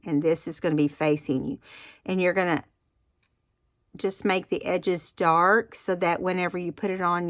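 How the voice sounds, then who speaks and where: A woman with a slightly low voice talks through a card-making craft at a casual, chatty pace. She explains each step, restarting sentences and filling pauses with fillers. The sound is dry and close. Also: a bit bright, dry recording. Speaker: craft instructor.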